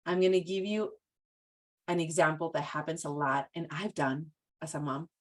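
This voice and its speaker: A woman's voice: low voice, steady tone, normal speed. A woman giving a conversational training talk, casual and full of "like" and "you know.". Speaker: presenter at a professional training.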